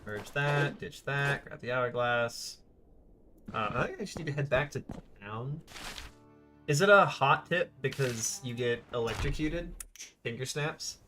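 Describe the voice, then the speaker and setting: A man's voice: medium pitch, unhurried, music in the background. A man streaming a game, chatting casually and rambling to his viewers as he plays. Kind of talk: casual gameplay commentary.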